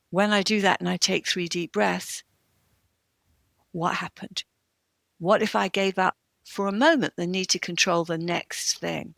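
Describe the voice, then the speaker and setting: Woman, low voice, gravelly, gentle reflective coaching, rhetorical questions, dry close sound. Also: no room sound. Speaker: podcast guest, author.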